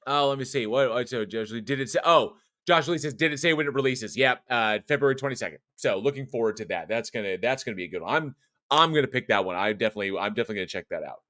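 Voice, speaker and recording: A man chats loosely as a podcast host, reading viewer comments and circling back on himself. His voice sits at an ordinary pitch but sounds bright and forward. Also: lively intonation, rapid-fire, no room sound, studio quality. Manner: rambling, chatty, many restarts and chuckles. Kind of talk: casual live-stream chat, reading viewer comments.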